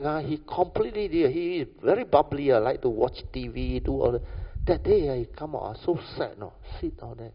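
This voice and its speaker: A man with a Malaysian English accent giving an informal Buddhist talk, telling stories and often checking if listeners understand. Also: mid-range voice. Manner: conversational, keeps asking "understand or not?". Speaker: Buddhist dharma speaker. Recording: echoey hall, dull lo-fi sound.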